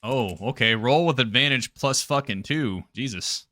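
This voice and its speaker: A man's voice: mid-range voice, normal speed, sharp tone, dry recording, studio quality. A man narrating casually as game master of a tabletop game. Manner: casual, loose narration with swearing.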